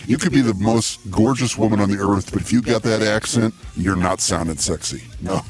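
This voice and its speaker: A man's voice: fairly low pitch, a little fast, darkish tone, soft background music. A man hosting a casual podcast, teasing his guests and laughing often. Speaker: podcast host.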